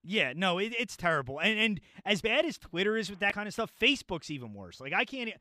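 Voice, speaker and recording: Male call-in radio host, chatty and stumbling, animated delivery, dry close studio sound. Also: high voice, fast, no echo. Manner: casual, chatty, stumbles and repeats words. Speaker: radio talk show host. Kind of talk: call-in sports talk radio. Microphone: studio microphone.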